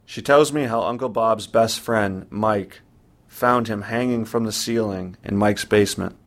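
A man reads a personal story aloud in a measured, sombre present tense. His voice sits fairly low and he takes his time over every phrase. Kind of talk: first-person story reading.

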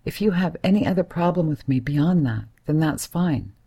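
Woman reading a hesitant young guy, earnest and soothing, gravelly husky voice, audiobook. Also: on the high side, animated, normal speed, dark tone, voice pushed up, heavily acted. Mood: pleading. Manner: hesitant yet serious, soothing. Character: hesitant earnest young man, gentle family friend.

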